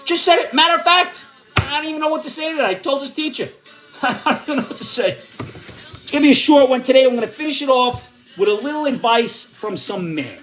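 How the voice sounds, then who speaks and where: A man's voice: very high-pitched, fast, soft background music. An older man with an Irish accent, ranting bluntly through opinions and advice on his own show. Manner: blunt, animated, angry rants, shouts at times. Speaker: vlog host giving opinions and advice. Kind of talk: ranting commentary and advice column.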